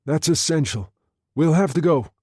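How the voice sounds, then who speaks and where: Narrator doing a firm, decisive man in charge, dark and mellow, plain delivery. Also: on the high side, normal speed, breathy edge, dry recording, studio quality, voice pushed up.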